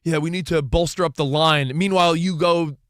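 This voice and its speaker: A man's voice: dry recording, clean studio sound. A man co-hosting a casual sports talk radio show, joking with his partner and taking callers. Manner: animated, jokey, quick bursts of pitch when excited. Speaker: co-host.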